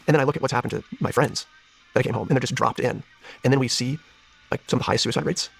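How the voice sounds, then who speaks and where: Earnest husky man talking politics fast. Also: medium pitch. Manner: earnest, searching, many restarts. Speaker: political candidate, guest. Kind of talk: interview conversation.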